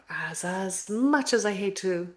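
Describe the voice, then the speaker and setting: A woman's voice: medium pitch, animated, slow. A woman speaks openly and reflectively in casual podcast talk, with sighs and asides as she works through her thoughts. Her voice sits in a middle register. The recording has a noticeable roomy echo. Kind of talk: candid conversational podcast talk.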